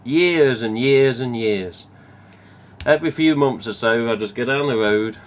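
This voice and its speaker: There's a slight hiss or hum as this unhurried, mid-range voice hosts a live stream. He's an Englishman with a Midlands accent who reads viewer comments, rambles casually and swears occasionally.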